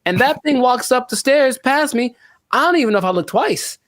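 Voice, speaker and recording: A man's voice: very high-pitched, lively intonation, brisk, a bit bright, no echo, clean studio sound. A man co-hosting a podcast in casual chat, rambling and self-deprecating, laughing often at himself. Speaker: podcast co-host.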